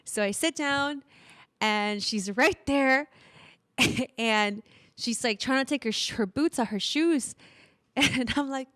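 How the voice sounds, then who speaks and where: A woman's voice: high voice, slow pace, no room sound, clean studio sound. A woman in her thirties co-hosting a podcast, telling a story in casual chat with lots of laughter and acted-out quotes. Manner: animated, laughs often, acts out quotes. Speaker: podcast co-host.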